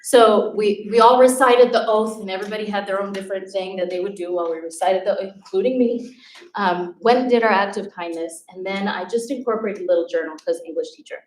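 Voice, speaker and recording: Woman telling animated stories from her teaching days, kinda far from the mic, echoey room. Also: mid-range voice, quick pace. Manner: animated, acts out students' voices. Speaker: former teacher giving a talk. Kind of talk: storytelling talk to an audience. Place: event hall. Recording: roomy, distant from the mic.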